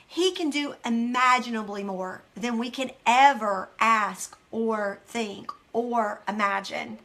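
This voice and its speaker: A woman's voice: a little high, slow, hardly any pauses, pushed and bright. A woman hosting a devotional study, speaking earnestly and emphatically to viewers and reading scripture aloud.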